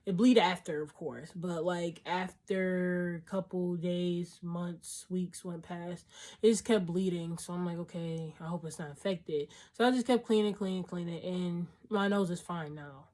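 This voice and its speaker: A young woman tells a story straight to her camera in a loose, rambling way, full of fillers and quick acted-out quotes. Her voice sits a little on the low side for a woman. It sounds like a relaxed self-filmed vlog. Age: young adult. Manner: rambling, filler-heavy, acts out quoted dialogue. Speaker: vlogger.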